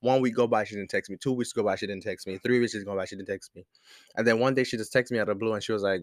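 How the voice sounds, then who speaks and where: A man's voice: on the low side, quick pace, a bit bright, dry recording, clean studio sound. A young man at home telling a casual, rambling story about a past friendship. He swears freely and laughs often in a laid-back way. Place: at home at a desk with a laptop.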